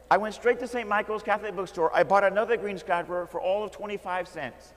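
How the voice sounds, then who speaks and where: An American man, a Catholic priest, telling stories in an animated sermon and calling out "Amen?" to the crowd. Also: sits high, fast, hardly any pauses, big-room sound. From United States. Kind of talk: storytelling sermon.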